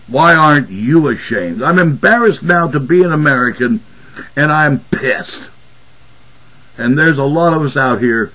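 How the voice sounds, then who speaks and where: Husky guy slowly cussing out politicians, sarcastic vlog rant. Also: mid-range voice, pushed and bright, rough recording. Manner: sarcastic and profane. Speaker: political commentary vlogger.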